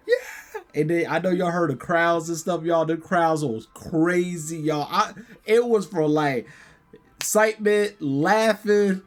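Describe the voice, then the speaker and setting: A man talks casually to his vlog audience. His voice sits a touch high and sounds hoarse and worn from yelling, and he rambles along, repeating "y'all" every few words. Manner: chatty, repetitive, keeps saying "y'all". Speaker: gaming and convention vlogger. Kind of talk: casual vlog talk to viewers.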